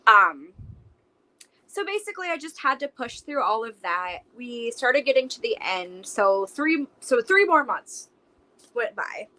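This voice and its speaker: A young woman with a bright, higher voice tells a personal story as a podcast guest. She talks casually and emotionally, full of "like"s. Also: big pitch swings, a little slow, low-quality recording.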